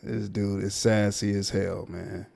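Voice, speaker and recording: A man hosting a casual livestream commentary, talking to his viewers in a drawn-out, repetitive, emphatic way. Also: lowish voice, little pitch movement, creaky, a little mellow.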